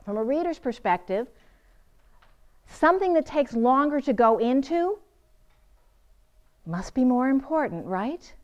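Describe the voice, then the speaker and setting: Woman, writing seminar instructor, raised pitch, lively questioning lecture style. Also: a little slow, pauses often, highs cut off. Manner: lively, asks the audience questions and answers them. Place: seminar room.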